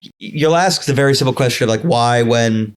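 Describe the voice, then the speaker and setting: A man's voice: mid-range voice, brisk. A man co-hosting a podcast who chats casually about the economy, joking and explaining with everyday analogies. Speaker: podcast co-host. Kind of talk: casual chat about markets.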